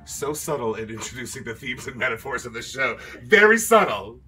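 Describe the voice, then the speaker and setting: A man's voice: medium pitch, steady tone, fast, pushed and bright, slightly rough, soft background music. A man hosting a livestream, chatting casually with viewers between show tunes and joking about himself. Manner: self-mocking, joking, chatty asides to viewers. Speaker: livestream singer and host.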